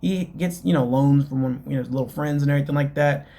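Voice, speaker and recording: A man's voice: on the high side, fast, gravelly, mellow. A man casually recapping a reality show, rambling with lots of fillers and mocking asides.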